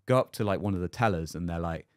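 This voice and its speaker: A man, a podcast guest, telling a story in a lively, anecdotal way. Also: low-pitched, fast talker, clear, resonant tone, dry recording, clean studio sound. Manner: lively anecdotal, acts out other people's lines. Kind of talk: casual storytelling.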